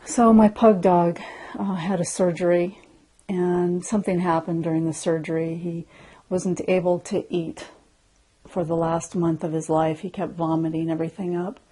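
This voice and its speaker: A middle-aged woman gently guiding listeners through an emotional tapping session, speaking slowly and softly. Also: fairly low pitch. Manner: gentle, slow and soothing, often soft and hushed. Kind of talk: guided EFT tapping session.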